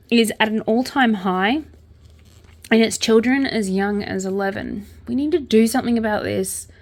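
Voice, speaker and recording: A young Australian woman hosting a casual chat, reading news aloud and reacting with open sorrow. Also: a little high. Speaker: podcast host. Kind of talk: casual true-crime commentary while crocheting.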